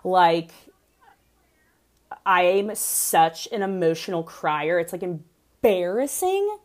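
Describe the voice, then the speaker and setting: A young woman giving a casual, gossipy reality TV recap, animated and full of "like". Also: on the low side, slow. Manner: gossipy, animated, heavy use of "like".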